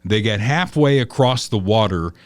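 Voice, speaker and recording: A man's voice: lowish voice, lively intonation, normal speed, no echo. A man hosting a political talk podcast, chatty and opinionated, telling stories as he goes. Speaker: podcast host.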